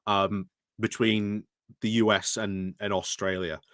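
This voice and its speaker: Regular guest, man, fairly low voice, dry close sound, chatty explainer of news. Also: little pitch movement, takes it slowly, a bit bright, dry recording. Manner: explains at length, with fillers and restarts. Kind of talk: casual news chat.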